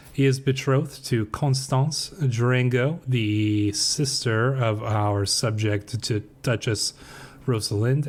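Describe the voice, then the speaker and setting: A man casually talking through his strategy game as a roleplay streamer, musing aloud with frequent fillers and restarts. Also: mid-range voice. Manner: relaxed, musing, with frequent fillers and self-corrections.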